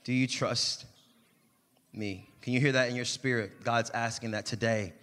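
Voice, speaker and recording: A pastor preaches with call-and-response, urging the congregation to answer as his intensity climbs. His mid-range voice is steady and a bit bright at a moderate pace, carried by long church reverb.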